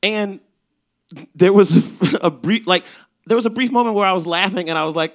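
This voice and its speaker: A young man from Chicago's South Side telling a stand-up story, animated and swearing, acting out quoted lines. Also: sits high, moderate pace. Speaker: stand-up comedian.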